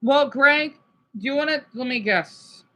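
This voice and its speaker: A man on a casual livestream, talking to his chat in a halting, rambling, sympathetic way with many restarts. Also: very high-pitched, pushed and bright, low-quality recording. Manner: sympathetic and emotional.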